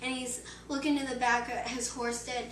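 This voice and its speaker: A teenage girl tells friends a long joke, rambling and chatty, full of "like" and "he's like." Her voice is on the high side, level in tone, at a moderate pace, recorded far off in an echoey room with loud background noise.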